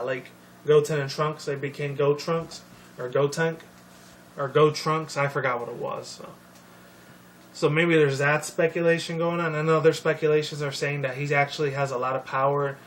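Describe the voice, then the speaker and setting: A young man rambling casually about a video game series, swearing often and filling pauses with ums and likes. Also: fairly high pitch. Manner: profane, rambling, many fillers. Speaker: video commentator. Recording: distant mic with faint noise.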